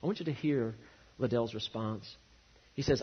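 A man preaching a sermon, swinging from loud emphasis to hushed, quiet lines. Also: medium pitch, normal speed, pauses often, breathy edge, highs cut off. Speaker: pastor.

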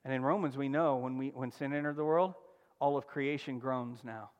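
A man preaching a sermon, emphatic and asking the congregation questions, swinging from loud exclamations down to a near-hush. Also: mid-range voice, fairly even intonation, moderate pace, smooth, big-room sound, lo-fi sound. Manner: emphatic, call-and-response preaching with sudden drops to a hush. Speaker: pastor.

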